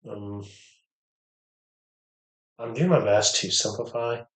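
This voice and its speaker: Low-voiced man mumbling through a poker stream. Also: echoey room. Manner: halting, thinking aloud with many ums, mutters quietly. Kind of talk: casual commentary while playing online poker.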